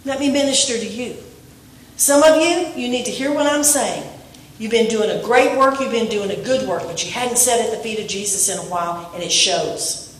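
A woman preaching a sermon to her congregation, animated and asking them questions. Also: a little high, normal speed, slight background noise. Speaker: pastor. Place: church sanctuary. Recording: echoey room, voice from a distance.

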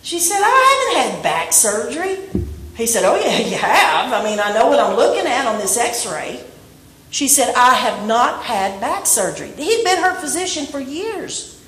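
A woman preaching a sermon in church, telling a story and rising to shouts on key points. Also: a little high, big pitch swings, normal speed, a little hiss or hum. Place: church sanctuary. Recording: echoey room from far off.

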